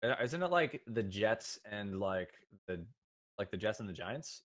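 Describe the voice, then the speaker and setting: A man's voice: on the low side, expressive, unhurried, a bit bright, dry recording. Dry-sounding young man joking casually. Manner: loose, joking, hesitant with "uh" and "like". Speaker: co-host. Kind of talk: casual chat on a live-streamed show.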